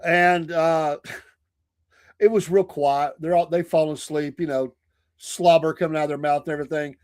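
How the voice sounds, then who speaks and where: A man's voice: on the high side, steady tone, a little slow, darkish tone. A man co-hosting a casual livestream, reading viewer comments and telling rambling stories full of restarts. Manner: rambling storyteller with many restarts and fillers.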